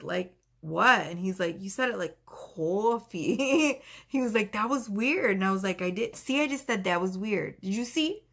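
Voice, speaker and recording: A woman with a gravelly edge to her voice reads tarot cards for her viewers. She talks casually and excitedly, exclaiming and swearing freely as she goes. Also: medium pitch. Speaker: tarot reader. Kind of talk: casual tarot reading vlog.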